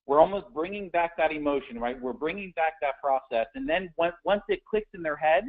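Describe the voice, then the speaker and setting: A man's voice: fairly high pitch, a little fast. A man coaching sales agents on phone scripts in a conversational, direct way, often restarting his words. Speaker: sales trainer. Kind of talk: instructional talk on phone scripts. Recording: tinny phone-like audio.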